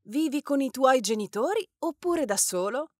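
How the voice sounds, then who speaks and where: A woman reading example sentences slowly with careful model pronunciation. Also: sits high, animated.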